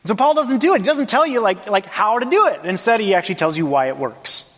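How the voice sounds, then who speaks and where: Emphatic high-voiced male preacher, reverberant hall. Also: very animated, fast talker, a bit bright. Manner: emphatic, varied dynamics, rhetorical questions. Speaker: pastor. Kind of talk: sermon. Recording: long reverb of a large hall.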